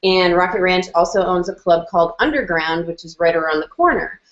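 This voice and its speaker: A woman's voice: on the low side, brisk, fairly bright tone. A woman telling a personal story in casual chat, filling her talk with "like" and "um" and acting out what people said. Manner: chatty, lots of "like" and "um", acts out quoted lines. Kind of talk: casual storytelling on a video call. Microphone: video call. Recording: roomy, muffled video-call audio.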